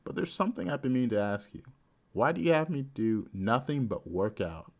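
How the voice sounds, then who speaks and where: A man voicing a calm, unbothered strong young man with a flat, deadpan delivery. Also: mid-range voice, brisk, lightly acted.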